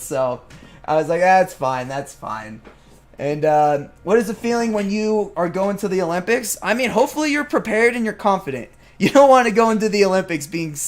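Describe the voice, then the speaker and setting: Chatty high-voiced young man vlogging. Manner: chatty, animated, acts out his own past remarks. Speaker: gymnast vlogger answering viewer questions. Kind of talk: casual vlog commentary over training footage.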